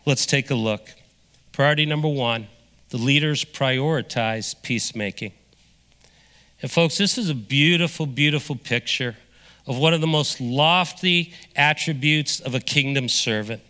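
A man preaching a sermon as pastor, energetic and drawing the congregation into call-and-response. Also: medium pitch, a little slow. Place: church sanctuary. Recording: long reverb of a large hall.

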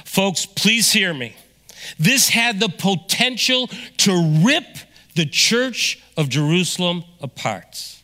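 A man preaching a sermon as pastor, energetic and drawing the congregation into call-and-response. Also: a little high, slow. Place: church sanctuary. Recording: long reverb of a large hall.

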